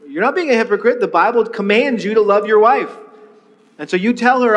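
A man's voice: high-pitched, brisk, big-room sound, lo-fi sound. A man preaching as a pastor, conversational and storytelling, often repeating words as he restarts. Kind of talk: sermon-style teaching on marriage.

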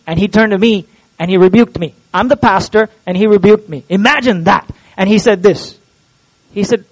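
High-voiced male pastor preaching earnestly. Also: brisk, rough recording. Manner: earnest, preaching with rhetorical questions. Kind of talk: sermon. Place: church.

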